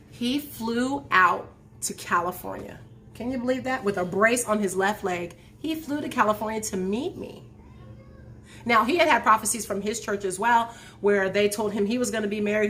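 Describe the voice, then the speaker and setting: A woman in her forties hosting a live talk show, telling a personal story to her viewers in an animated way and laughing as she goes. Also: medium pitch, a little hiss or hum. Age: 40s. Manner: speaks straight to her viewers. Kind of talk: casual storytelling to a live chat.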